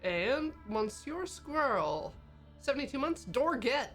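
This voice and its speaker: A woman's voice: sits high, big pitch swings, slow pace, fairly bright tone, soft background music. A woman co-hosting a stream in casual chat, reading subscriber thanks and laughing often. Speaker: stream co-host.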